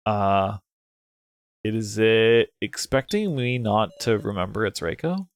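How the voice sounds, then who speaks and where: A young man casually narrating his way through a story game, thinking out loud, excitable and prone to swearing. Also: lowish voice, slow pace, dry recording. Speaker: game let's player. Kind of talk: casual gameplay commentary.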